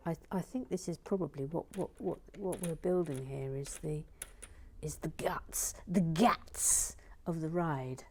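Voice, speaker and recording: A woman hosting a relaxed real-time LEGO build, murmuring to herself, often slipping into a whisper, and reading out viewer comments. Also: deep voice, measured pace, slight background noise.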